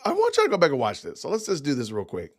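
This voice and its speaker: A man's voice: a little high, huge pitch swings, very fast, heavy background noise. Man chatting casually to his livestream chat. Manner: rambling, talks to chat directly. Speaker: podcast host reacting to news clips.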